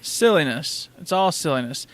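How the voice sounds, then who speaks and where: A man's voice: on the high side, expressive, moderate pace. A man co-hosting a casual podcast, recapping news and acting out crowd reactions in quoted voices. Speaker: podcast co-host. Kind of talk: casual chat.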